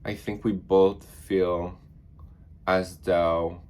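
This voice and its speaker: A man's voice: sits low, little pitch movement, extremely slow, darkish tone. A man chatting casually in a sassy, dramatic storytime vlog, full of fillers. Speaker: vlogger.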